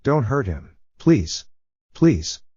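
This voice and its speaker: A man's voice: medium pitch, big pitch swings, very slow, dark tone, husky, no echo, pitched above the performer's own voice, heavily acted. A man voicing a small frightened boy in an audio story. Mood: desperate. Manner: pleading and sobbing. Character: small frightened boy who turns into a kitten. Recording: dull dry lo-fi recording.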